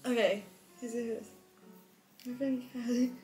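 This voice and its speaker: A woman's voice: a little high, steady tone, a little slow, dark tone, faint music behind. A young woman hosting a casual game on her channel, upbeat and giggly. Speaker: channel host.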